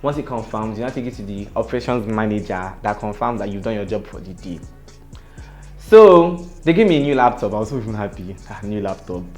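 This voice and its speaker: A young man with a Nigerian accent, telling a story on his vlog in an animated, dramatic way. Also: fairly low pitch, brisk, soft background music. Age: young adult. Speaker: vlogger.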